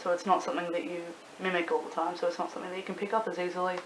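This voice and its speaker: A young Australian woman talks straight to the camera in a loose, rambling vlog, swearing often and stacking up ums and likes. Her voice sits a little low. The room is echoey, with a faint hiss underneath. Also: flat delivery, rapid-fire. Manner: chatty, swears freely, rambling with many fillers. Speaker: YouTuber and club promoter. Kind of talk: casual talking-to-camera vlog.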